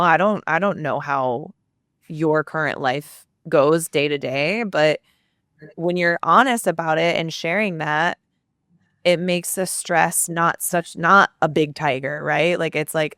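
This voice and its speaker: A woman coach calmly guiding a tapping exercise with encouraging instructions. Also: deep voice, no room sound, studio quality. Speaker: subconscious transformation coach.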